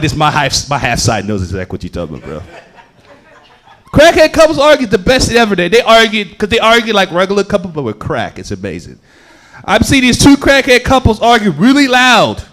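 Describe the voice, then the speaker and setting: On stage at a comedy club with a live crowd, a high-voiced male comic from Houston, Texas, delivers a stand-up routine. His storytelling is lively, and he acts out different voices.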